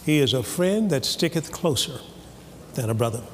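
A man preaching a sermon in a church, animated and calling on the congregation for amens. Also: mid-range voice, moderate pace, a little hiss or hum. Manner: animated, calls for amen from the congregation. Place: church sanctuary. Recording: hall reverb with faint ambience.

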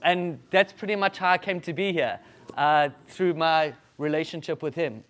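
A man's voice: fairly high pitch, normal speed, a bit bright. A man with a South African accent, an evangelist preaching and sharing his testimony with a congregation in an emphatic, enthusiastic way. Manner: enthusiastic, emphatic, calls for audience response.

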